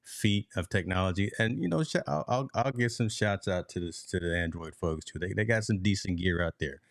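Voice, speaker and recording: A man's voice: sits low, fairly quick, dry recording. A man hosting a casual video-call chat about gear on a studio mic, laid-back, laughing often and repeating words as he starts sentences. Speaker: host. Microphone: studio dynamic mic.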